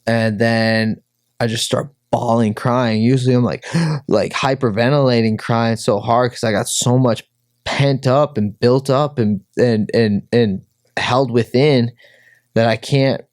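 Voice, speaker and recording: A man's voice: medium pitch, steady tone, unhurried, a little mellow, dry recording, studio quality. A man from Minnesota, a pro fighter, telling his personal story as a guest, full of "like" fillers and acted-out quotes. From Minnesota, USA. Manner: heavy "like" fillers, acts out quotes.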